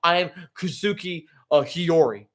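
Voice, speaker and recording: A man's voice: fairly high pitch, animated, a little slow, pitched above the performer's own voice. A man reading out the lines of a defiant young woman who sternly scolds a tyrant. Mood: scolding.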